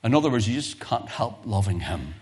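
A man preaching a sermon in a church, reading old-fashioned scripture and putting emphatic questions to the congregation, rising loud on key points and dropping soft to explain. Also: lowish voice, big pitch swings, brisk. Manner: reads scripture in old-fashioned King James wording.

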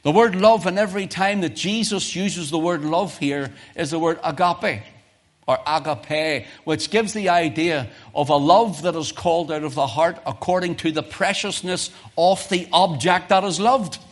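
A man preaching in a church, his voice sitting a little high for a man. He reads scripture in old-fashioned wording and presses questions on his listeners. He climbs loud and high at the big points, then sinks quiet to explain. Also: moderate pace, few pauses. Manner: emphatic, swells loud and high on key questions, drops soft for explanation. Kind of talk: sermon.

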